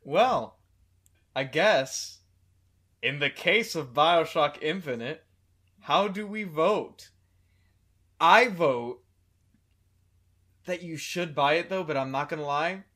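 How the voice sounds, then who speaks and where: A man hosting a casual gaming podcast, rambling excitedly with lots of fillers. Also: on the high side, slow, pauses often.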